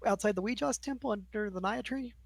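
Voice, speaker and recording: A man's voice: sits high, fairly quick, creaky. A man playing a tabletop role-playing game, making wry joking remarks. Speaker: player.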